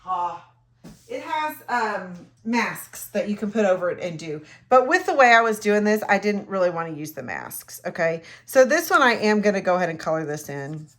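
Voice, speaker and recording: Her pitch is mid-range but swings widely, and she speaks at a normal speed. A middle-aged woman, she rambles in a chatty, self-mocking way while showing off a craft in a casual tutorial.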